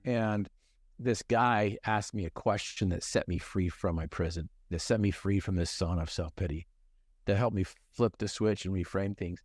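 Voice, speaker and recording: A man's voice: low voice, normal speed, no echo, studio quality. A middle-aged man telling his personal story in a conversation, earnest and emphatic, repeating phrases for effect.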